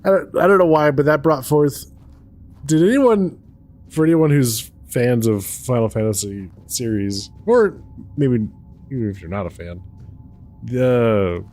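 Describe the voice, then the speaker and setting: A man's voice: mid-range voice, darkish tone. A man hosting a let's play, chatting casually with viewers and laughing often. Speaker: gaming channel host.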